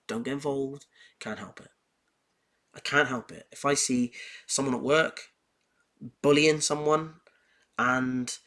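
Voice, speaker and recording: A man's voice: medium pitch, a bit bright. A young man hosting a podcast, talking in a casual monologue and telling personal stories emphatically, with a lot of repetition. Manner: emphatic, heated storytelling with repetition. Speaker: podcast host. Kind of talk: casual monologue on self-improvement.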